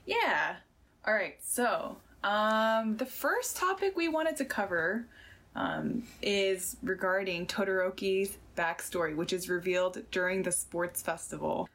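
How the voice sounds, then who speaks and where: A woman's voice: medium pitch, a little slow. A woman co-hosting a podcast in casual chat, telling stories and acting out what people said. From Southern California. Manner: animated storyteller, acts out quotes. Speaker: podcast co-host.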